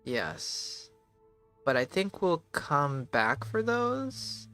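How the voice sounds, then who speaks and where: A man streaming a game live, thinking aloud in a slow, halting way and sometimes spelling words out letter by letter. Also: fairly high pitch, sing-song, pushed and bright, faint music behind. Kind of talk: casual live gameplay commentary.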